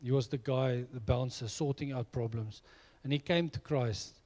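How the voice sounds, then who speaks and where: A man's voice: mid-range voice, moderate pace, warm tone. A middle-aged man preaching a sermon, telling personal stories in an earnest way. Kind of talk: sermon with storytelling.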